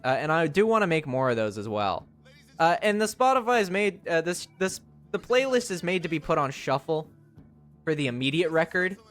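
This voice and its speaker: A man's voice: a little high, very animated, moderate pace, fairly bright tone. A male streamer in casual live-stream chat, rambling and joking with many fillers and restarts. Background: faint music.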